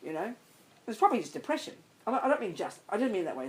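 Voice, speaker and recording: A woman's voice: medium pitch, sing-song, fast talker, rough recording. A woman, a Buddhist nun, giving an emphatic, blunt dharma talk to a group. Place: meditation centre hall.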